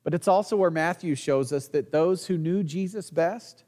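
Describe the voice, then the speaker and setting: A man's voice: a little high, normal speed, mellow, in a large hall. A man preaching a sermon as pastor, earnest, asking the congregation rhetorical questions and sometimes restarting a phrase.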